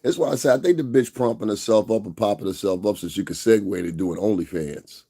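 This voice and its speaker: Lowish-voiced man on a profane, rambling rant. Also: mellow, breathy edge. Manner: profane, rambling, drawn-out emphasis with frequent laughs. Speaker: livestream host. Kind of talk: casual livestream rant.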